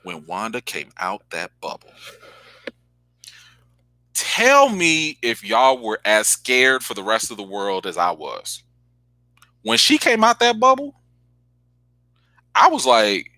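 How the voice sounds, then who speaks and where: Animated man with bright, lively voice. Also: mid-range voice, slow pace, long pauses, no echo. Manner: animated, exclaiming, talks straight to viewers. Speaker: host. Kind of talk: live reaction chat.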